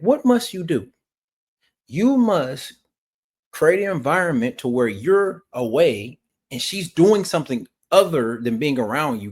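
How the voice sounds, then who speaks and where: A man's voice: a little high, darkish tone, husky. A man hosting a reaction video, lecturing the viewer emphatically and repeating his points. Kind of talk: reaction commentary.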